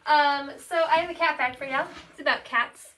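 Bright, giggly woman streaming from a cat shelter. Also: sits high, steady tone, normal speed, a little hiss or hum. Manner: giggly, chatty, thanks viewers by name. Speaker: shelter livestream host. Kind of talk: casual livestream chat. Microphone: phone held in hand.

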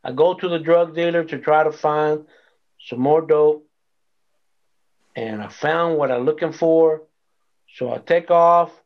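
A man telling his life testimony in an interview, acting out the voices in his story. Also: on the high side. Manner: animated storyteller acting out quoted dialogue. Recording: dull lo-fi sound.

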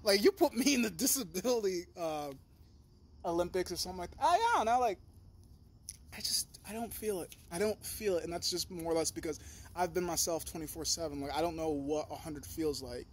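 A young man vlogging in a rambling, profane, animated monologue. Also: a little fast. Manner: talks in a high sing-song to his dog.

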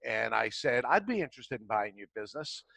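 Guy in his 60s telling old stories on a cigar show, does the back and forth dialogue, middle pitch. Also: big pitch swings, brisk, gravelly, pushed and bright, no echo, poor audio. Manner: anecdotal, acts out dialogue in quotes. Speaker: guest on a cigar talk show. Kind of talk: casual storytelling.

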